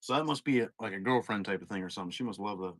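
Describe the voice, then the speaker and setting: A middle-aged man talks loosely and at length, drifting from one story to the next, with plenty of cursing and chuckling at his own tales. His voice is bright and a little tense. The sound is close and dry, with no room around it. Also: lowish voice, racing, no room sound. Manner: rambling storyteller, swears freely, laughs at his own stories. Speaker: live-stream seller. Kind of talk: casual chat. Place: at home, sitting.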